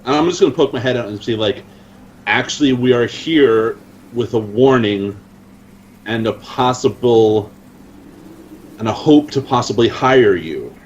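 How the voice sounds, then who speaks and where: A man's voice: mid-range voice, measured pace, long pauses, dull audio, slight background noise. A man playing a tabletop game, speaking earnestly and formally in character. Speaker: player.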